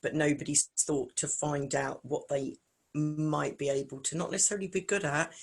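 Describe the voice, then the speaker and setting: Faint music plays behind a low-pitched woman with vocal fry who speaks at normal speed. In her forties, she works as a singer and vocal coach, and in this relaxed interview she animatedly acts out the lines of the people in her stories.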